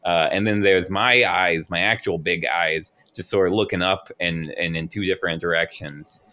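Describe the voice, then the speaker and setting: A man running an improvised role-play game on a podcast, goofy and quick to laugh. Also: sits low, fairly even intonation, bright, forceful tone. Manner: goofy, laughs often, acts out monsters. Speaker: game master and podcast host. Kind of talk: improvised tabletop storytelling podcast.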